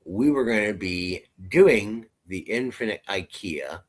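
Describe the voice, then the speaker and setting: An adult man co-hosting a podcast, chatting casually and telling stories in a playful, animated way. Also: on the low side, slow pace. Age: adult, parent of a twelve-year-old. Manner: animated, playful storytelling with jokes. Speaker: podcast co-host. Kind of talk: casual chat.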